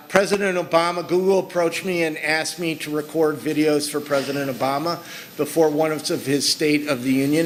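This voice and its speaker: A middle-aged man gives a conference talk with slides, telling stories about his work in an earnest, conversational way. His voice is a little high and a bit bright, and the recording quality is low.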